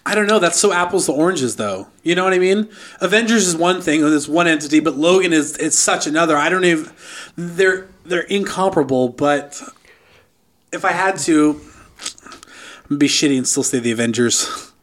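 A male podcast host in a casual movie review chat, his voice sitting a bit high. He talks with eager enthusiasm, often restarting and repeating words as his thoughts run ahead. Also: moderate pace, fairly bright tone.

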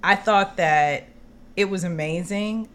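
A woman co-hosting a podcast, telling a personal story in casual chat, acting out quotes with slangy, expressive asides. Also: lowish voice, slow pace. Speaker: podcast co-host.

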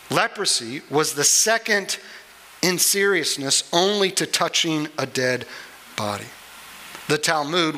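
A man preaching a sermon, earnest and unhurried, with small restarts as he explains a Bible passage. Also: fairly high pitch, sharp tone, poor audio. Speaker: pastor.

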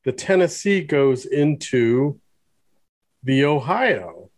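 A man co-hosting a casual podcast chat, thinking aloud as he talks, with many pauses and fillers. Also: mid-range voice, very animated, no echo. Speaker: podcast co-host.

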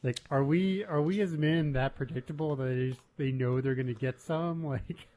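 On a podcast recapping a TV episode, a married co-host chats casually and poses curious questions, laughing often. He speaks at normal speed in a warm, medium-pitched voice.

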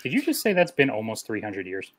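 A man's voice: on the low side, wildly swooping pitch, fast, fairly bright tone. Man with dry teasing sarcasm. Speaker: podcast co-host. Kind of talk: casual chat.

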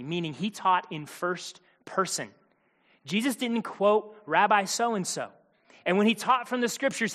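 Male pastor, high-pitched, conversational sermon delivery with wry asides; church hall reverb. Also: sharp tone. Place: church auditorium stage.

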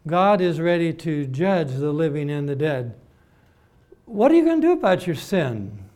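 A man preaching a sermon, emphatic and deliberate, repeating words as he builds his points. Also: on the high side, very animated, a little mellow.

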